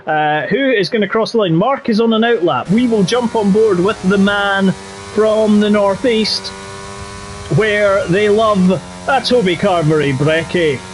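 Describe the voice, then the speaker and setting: Chatty high-voiced race commentator. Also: male voice, a little slow, a little hiss or hum. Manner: chatty and jokey, with playful quips. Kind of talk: live sim-racing commentary.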